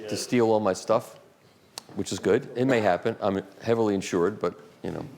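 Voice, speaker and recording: A guest speaker at a live audiophile talk answers audience questions in a chatty, rambling way, full of restarts and asides. His voice is lowish and darkish in tone at a moderate pace, with a slight hiss or hum on the recording.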